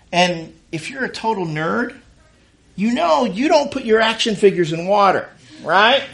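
Man, high lively voice, stage storyteller, acts out other people's lines. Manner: animated, acts out quotes of others. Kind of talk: stand-up storytelling. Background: audience laughter.

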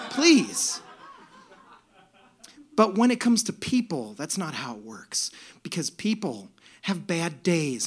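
A man's voice: fairly high pitch, a bit bright, slightly rough. A man telling a comic story on a live stage, sardonic, with bursts of mock outrage. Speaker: storyteller performer. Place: stage before a laughing audience.

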